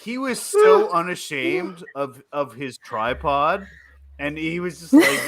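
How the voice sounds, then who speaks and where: Animated, laughing man telling stories. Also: a little high, slow. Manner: animated storyteller, swears, laughs a lot. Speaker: panel guest. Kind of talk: casual panel chat.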